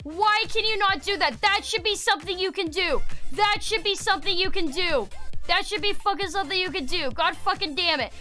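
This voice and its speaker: A woman streamer giving excitable live gaming commentary to her chat, swearing and yelling when frustrated. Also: extremely high pitch, a little fast, faint music behind.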